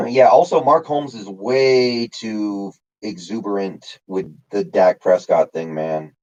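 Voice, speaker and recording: A man with a fairly low, slightly mellow voice talks slowly over lo-fi audio. He's casually rambling on his live stream, reading out chat names as he answers, with plenty of fillers.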